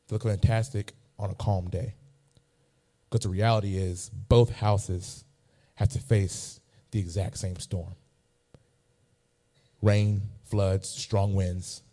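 Mellow-voiced preacher man, emphatic. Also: fairly low pitch. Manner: emphatic, repeating phrases for effect. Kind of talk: sermon with personal storytelling.

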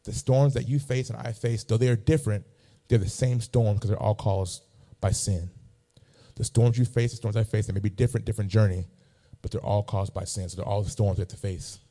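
A man's voice: fairly low pitch, fairly even intonation, fairly quick, warm tone. A man preaching a sermon, mixing a funny personal story with emphatic, repeated phrases.

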